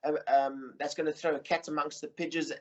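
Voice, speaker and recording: Hesitant man with a slightly high voice. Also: little pitch movement, fairly quick. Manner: rambling with many fillers and restarts. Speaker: interview guest, surf head coach. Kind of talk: casual interview talk. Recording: muffled lo-fi recording.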